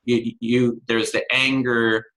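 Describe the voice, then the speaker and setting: A man hosting a conversational interview, talking in a halting way with many restarts and fillers. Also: mid-range voice, little pitch movement, fairly bright tone, rough recording. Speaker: interview host.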